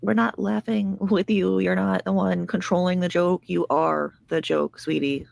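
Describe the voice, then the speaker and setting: A woman hosts a drama commentary show, and she is blunt and mocking and swears often. Her voice is low and strongly gravelly with vocal fry. The sound is close and dry. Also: little pitch movement, a little slow, darkish tone, no room sound. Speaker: commentary host.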